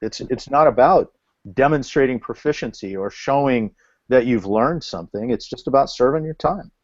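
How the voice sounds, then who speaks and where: A man with a mid-range voice explains a point at length, steady and measured as he builds it up. The audio is dry and dull, like a video call. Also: mid-range voice, dry recording. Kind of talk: casual video call discussion.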